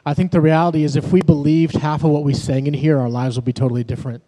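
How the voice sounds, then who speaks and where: Male pastor, conversational sermon, dark mellow voice, long reverb of a church hall. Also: a little high, flat delivery, quick pace. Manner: conversational preaching with personal stories. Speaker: pastor and worship leader. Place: church sanctuary.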